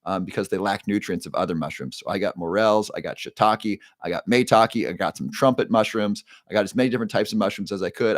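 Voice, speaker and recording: A man's voice: fairly low pitch, dry recording, studio quality. A man hosting a casual live stream as a neuroscientist, upbeat, greeting viewers by name and often restarting his sentences.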